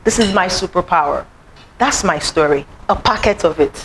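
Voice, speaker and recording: Energetic woman giving an inspirational talk. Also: normal speed, a little hiss or hum, poor audio. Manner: animated, acts out quoted voices, rising to high exclaims. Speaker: motivational speaker. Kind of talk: inspirational talk to a live audience. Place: event room.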